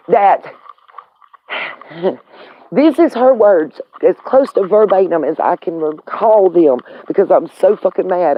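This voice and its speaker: A woman hosting a live stream, ranting angrily with heated, profane slang while on the road. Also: fairly low pitch. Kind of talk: angry live stream rant. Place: in a vehicle on the road. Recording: tinny phone-like audio.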